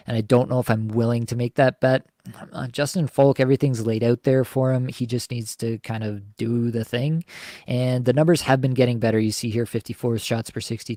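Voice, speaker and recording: A man hosting a live fantasy hockey podcast, talking through player analysis and listener questions in a measured way with frequent ums and uhs. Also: medium pitch, a little mellow, no echo, clean studio sound.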